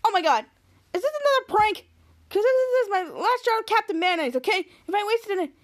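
Flustered superhero man played by a woman in a podcast recap, high-pitched and loud, pleading. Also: animated, fast. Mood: indignant. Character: blustering adult male superhero, easily pranked.

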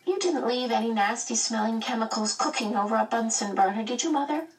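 A woman's voice: on the high side, expressive, fairly quick, far from the mic, pitched above the performer's own voice, close to an everyday voice, low-quality recording. A woman voicing a precocious small boy who talks in an earnest, matter-of-fact way.

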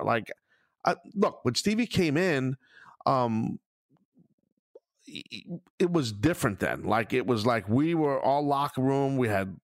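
A man's voice: mid-range voice, expressive, slow, long pauses, no echo, studio quality. A middle-aged man hosting a podcast in blunt, profane, casual chat. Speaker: podcast host.

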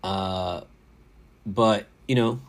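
A man's voice: lowish voice, fairly even intonation, extremely slow. A man hosting a casual solo podcast, rambling and joking with frequent swearing. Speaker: podcast host.

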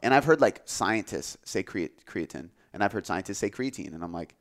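Low voiced fitness coach guy just chatting, says like a lot. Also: brisk. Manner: relaxed, filler-heavy, says "like" often. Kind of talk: casual podcast chat.

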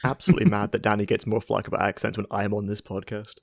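A man co-hosting a podcast, rambling and halting, with plenty of swearing in casual chat. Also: lowish voice, little pitch movement, creaky, no echo. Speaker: podcast co-host.

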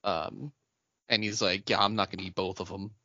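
A man's voice: sits low, steady tone, moderate pace, sharp tone, no echo, dull audio. A young adult man in casual chat, telling a rambling story with many "um"s and "uh"s. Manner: rambling anecdote, hesitant with "um" and "uh".

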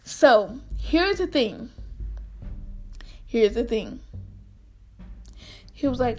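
A young woman casually telling a storytime to her viewers, animated and repetitive, acting out the people in it. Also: very slow, pauses often, faint music behind. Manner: animated, repeats herself, acts out quotes in squeaky voice. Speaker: storyteller vlogger.

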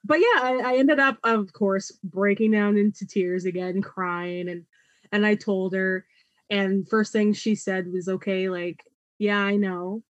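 Young woman guest, lively storyteller, close dry mic. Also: medium pitch, measured pace, no room sound, muffled recording. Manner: animated, laughs often, acts out quoted voices. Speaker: podcast guest, artist. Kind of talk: personal storytelling in a podcast interview.

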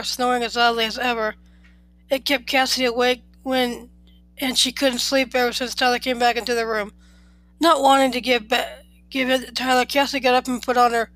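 A woman's voice: a little high, fairly bright tone, poor audio. A woman reading a story aloud in a plain way, often stumbling and restarting words.

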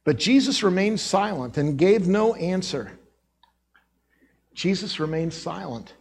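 Man, middle-aged pastor, sermon, husky voice, high and lively pitch. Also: a little slow. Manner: animated preacher who acts out quoted dialogue. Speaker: former associate pastor.

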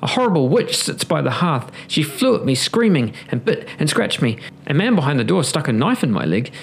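A man voicing a terrified, babbling male robber who speaks in shrill, breathless cries. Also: big pitch swings, a little fast, vocal fry, slight background noise.

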